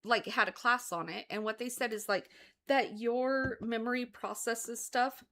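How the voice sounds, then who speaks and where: Soft, earnest woman co-host. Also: fairly high pitch, unhurried. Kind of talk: casual late-night chat.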